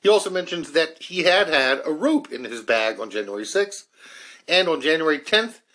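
A man's voice: a little high, lively intonation, moderate pace, sharp tone. A man hosting a podcast, walking listeners through a court case and reading from legal documents, with frequent restarts and fillers. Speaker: podcast host. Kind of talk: explanatory legal commentary.

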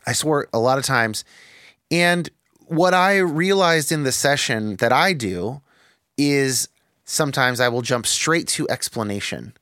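A man's voice: medium pitch, animated, unhurried, a bit bright, clean tone, no echo, clean studio sound. A man hosting a podcast, talking candidly and reflectively, thinking aloud with restarts and the odd swear word. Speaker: podcast host.

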